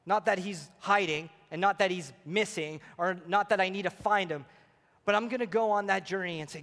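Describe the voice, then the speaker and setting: A male pastor preaching with a high, bright, forceful voice that rings out through a large, reverberant hall. He swings between fervent, near-shouted lines and quiet, hushed moments of reflection. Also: normal speed. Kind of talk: sermon.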